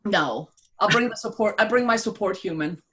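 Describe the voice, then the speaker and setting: A woman's voice: medium pitch, animated, normal speed, sharp tone. A woman guest in a casual chat, straightforward and blunt, laughing a lot.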